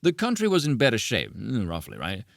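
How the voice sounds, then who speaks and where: A man's voice: medium pitch, wildly swooping pitch, brisk, gravelly, dry recording, studio quality. A man ranting sarcastically as a political reaction commentator, mocking and exasperated.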